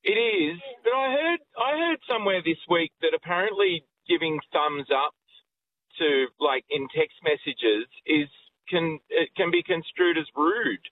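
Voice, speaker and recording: A man calls in to a radio chat, his voice tinny and thin over the phone line with a faint hiss behind it. He talks in a fairly high voice, hesitant and full of restarts, and cracks dry jokes. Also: lively intonation, a little slow. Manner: hesitant, joking, stammers.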